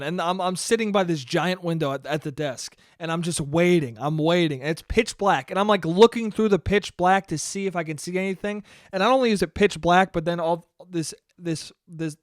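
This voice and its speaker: A young man hosting a podcast, telling a story in a loose, animated way, swearing freely and acting out what people said. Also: high-pitched, dry recording, clean studio sound. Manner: animated, swears often, acts out quotes. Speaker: podcast host. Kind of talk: casual storytelling monologue.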